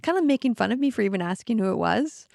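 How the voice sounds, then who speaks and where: Brief: woman with gravelly fry, chatty storyteller, dry close sound. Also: mid-range voice, lively intonation, fast, a little mellow, no room sound. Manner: recounts events with many "like" fillers. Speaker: yoga teacher and ceremony guide. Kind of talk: casual storytelling chat.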